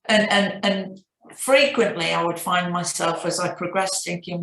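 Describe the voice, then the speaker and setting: Speaking with a Northern English accent, a middle-aged woman who runs a company tells stories during a business interview, thoughtful and prone to starting over mid-sentence. She has a lowish, fairly bright voice with fairly even intonation and an unhurried pace. The recording is rough and sounds roomy.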